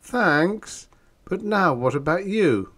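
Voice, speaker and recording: A man's voice: on the high side, sing-song, moderate pace, voice pushed up. A man voicing a nervous male writer in an audiobook, anxious and stammering in a raised voice. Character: nervous jittery male science-fiction writer. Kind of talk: audiobook character voice.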